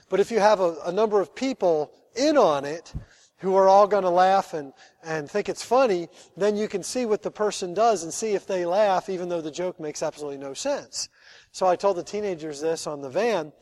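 A man's voice: high voice, darkish tone. A middle-aged man, a pastor, preaching a sermon and telling anecdotes, acting out the people in them. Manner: storytelling, acts out the people in his anecdotes.

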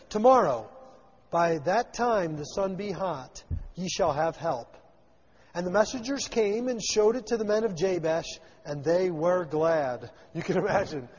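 His voice sits high and husky as he teaches scripture verse by verse. After reading each bit of the old text, the preacher retells it in ordinary words with voiced lines for its characters, recorded in dull lo-fi sound with lengthy hall reverb.

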